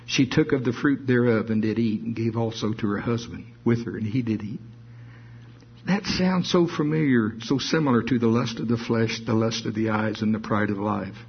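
A man preaching a sermon, reading scripture slowly and adding playful asides. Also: mid-range voice, husky. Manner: reads scripture slowly, adds asides with laughs. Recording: dull lo-fi sermon recording.

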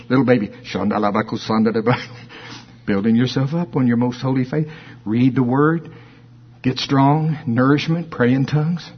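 A middle-aged male preacher delivers a sermon, telling stories in an animated, playful way and acting out voices. His medium-pitched voice is slow and slightly rough, and the recording cuts off the highs.

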